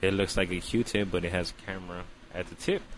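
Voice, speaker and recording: A calm, matter-of-fact male doctor, put on by a man telling a story. He speaks quietly in a low voice and explains things in a clinical, unbothered way. A faint hum runs behind him. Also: a little fast, lightly acted.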